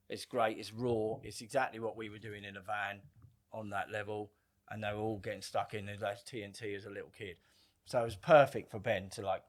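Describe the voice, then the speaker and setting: A middle-aged man telling a story casually on a podcast, animated, swearing freely and acting out quoted lines. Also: lowish voice. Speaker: podcast guest.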